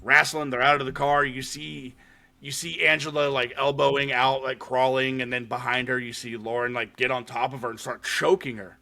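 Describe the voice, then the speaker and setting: A man's voice: medium pitch, flat delivery, moderate pace, vocal fry, bright, forceful tone. A man hosting a podcast, casually recapping a horror short film, swearing freely and using lots of fillers. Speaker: podcast host. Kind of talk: casual chat.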